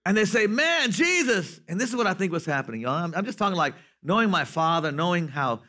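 A man preaching a lively sermon as pastor, swinging from loud to soft. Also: a little high, fast talker.

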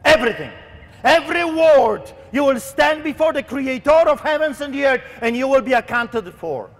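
A man preaching an open-air street sermon as a pastor, fervent and declamatory, often breaking into shouts. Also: very high voice, lively intonation, moderate pace, big-room sound. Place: outdoors in the wind.

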